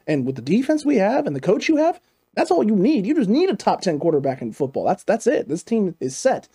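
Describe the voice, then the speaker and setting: A man hosts a football talk show in a lively, emphatic way, hammering points home by repeating them. His voice sits a bit high while its tone stays mellow. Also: a little fast, slightly rough. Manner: animated, repetitive emphatic phrasing. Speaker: sports show host. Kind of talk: casual football analysis chat.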